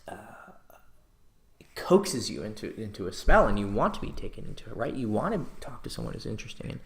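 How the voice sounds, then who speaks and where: Male dating coach, low gravelly voice, passionate, curses freely. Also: very animated, fairly quick. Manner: passionate, swears casually, acts out sample pickup lines. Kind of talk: instructional talk to camera.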